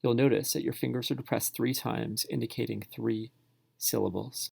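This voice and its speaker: A male teacher narrating a spelling tutorial for parents and students, speaking slowly and sounding words out syllable by syllable. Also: mid-range voice, steady tone, a little mellow, no echo, clean studio sound. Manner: slow, clearly enunciated, sounding words out.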